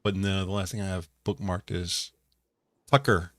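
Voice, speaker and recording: Low voiced guy co-hosting a stream, rambly chatty talk, dry close mic. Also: fairly even intonation, moderate pace, a bit bright, no room sound. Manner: rambling, chatty storytelling with many restarts. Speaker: podcast co-host. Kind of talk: casual chat.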